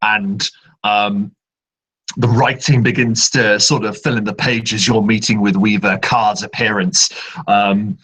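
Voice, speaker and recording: A man narrating a tabletop game as game master, with slow, descriptive narration. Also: on the low side, steady tone, fairly bright tone, breathy edge, rough recording.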